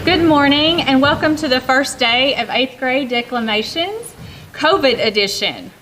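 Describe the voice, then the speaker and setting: A woman teacher opens a school assembly with measured, polite announcements. Her voice sits on the high side. Faint room noise hangs in the background. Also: lively intonation, a bit bright, rough recording. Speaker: teacher hosting declamations. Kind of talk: formal announcements.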